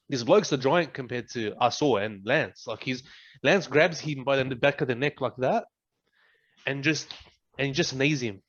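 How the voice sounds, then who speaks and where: Deadpan young Australian man, lo-fi. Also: medium pitch. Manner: deadpan joking, animated storyteller. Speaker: guest. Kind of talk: casual chat. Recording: dull lo-fi audio.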